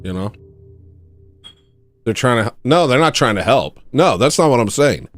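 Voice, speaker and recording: A man's voice: medium pitch, expressive, moderate pace, faint music behind. A man hosting a livestream, rambling through a comedic monologue that jumps between tangents and laughs at his own jokes. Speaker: livestream host.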